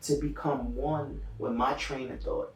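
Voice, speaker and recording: A man's voice: mid-range voice, steady tone, unhurried. A man who DJs, co-hosting a casual podcast chat, rambling through profane stories. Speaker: DJ and co-host. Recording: echoey room, distant mic.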